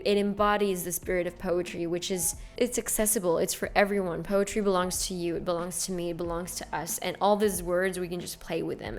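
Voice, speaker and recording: Chatty enthusiastic woman book vlogger. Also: on the low side. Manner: enthusiastic, rambling, with filler likes. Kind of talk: casual chat answering a book tag.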